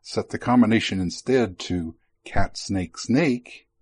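A man voicing an excitable male lizardfolk technologist who keeps explaining his gadgets in an audiobook. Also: fairly low pitch, takes it slowly, heavy background noise. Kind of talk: audiobook character voice.

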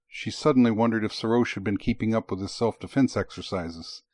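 A man narrating an audiobook in a steady, even tone. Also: lowish voice, a little fast, no room sound.

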